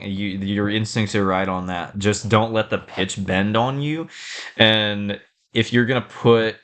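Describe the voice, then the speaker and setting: Young adult man, low smooth voice, rambling music-feedback talk full of fillers and sung examples. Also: fairly bright tone. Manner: halting, full of fillers, sings phrases to show them. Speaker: band director reacting to a performance.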